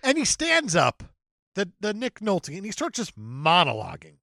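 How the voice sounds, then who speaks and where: A man's voice: sits high, moderate pace, creaky, dry recording, studio quality. A man co-hosting a casual comedy podcast about movies, ranting with profane jokes. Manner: profane, animated, jokey rants. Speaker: podcast co-host.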